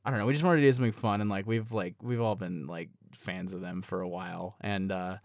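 A young man in his twenties chats about his band, laid-back and quick to laugh. His voice sits a bit low and sounds close and dry in the radio studio. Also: fairly even intonation, vocal fry, no echo. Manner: laid-back, laughs often, many fillers. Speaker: band frontman, guest. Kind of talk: casual interview chat.

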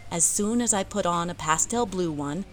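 A woman's voice: on the low side, expressive, normal speed, faint music behind. Wry young woman narrating a story. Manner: wry, self-deprecating. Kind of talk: audiobook narration.

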